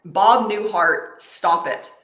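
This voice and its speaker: A woman's voice: mid-range voice, takes it slowly, fairly bright tone, reverberant. A woman coach giving a casual motivational talk to camera in an encouraging, affectionate, conversational way.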